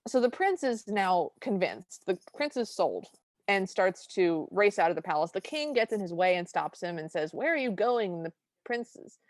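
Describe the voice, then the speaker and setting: A woman's voice: on the low side, dry recording. A woman co-hosting a podcast, wryly recapping a movie in casual chat and acting out lines as she goes. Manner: wry, animated retelling with quick voiced asides. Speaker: podcast co-host.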